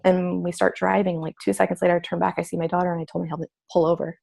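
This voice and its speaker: A woman's voice: lowish voice, level tone, fast, darkish tone. A middle-aged woman telling a personal story in casual talk, acting out her own inner voice. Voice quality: gravelly, husky. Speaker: guest.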